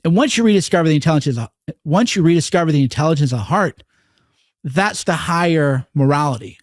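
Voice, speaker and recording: A man's voice: fairly high pitch, expressive, fast, no echo, studio quality. A man speaking candidly and earnestly as an interview guest, swearing freely and acting out quoted voices.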